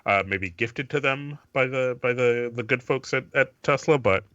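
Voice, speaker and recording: Guy cohosting a podcast, rambly and sweary, sharp bright voice, dull lo-fi mic. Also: mid-range voice, moderate pace, no echo. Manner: rambling, filler-heavy, swears freely. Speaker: podcast co-host. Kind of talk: casual podcast banter.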